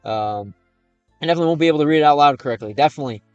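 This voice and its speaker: A man's voice: a little high, very fast, darkish tone, clean tone, no room sound, highs cut off, faint music behind. An American man livestreaming and chatting casually with viewers, reading their questions aloud. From United States.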